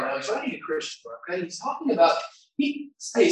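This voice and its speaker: A male pastor preaching a sermon, shifting between quiet reflection and loud shouts, recorded far from the mic in a large church hall. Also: on the high side, huge pitch swings, quick pace. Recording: very echoey hall, distant mic.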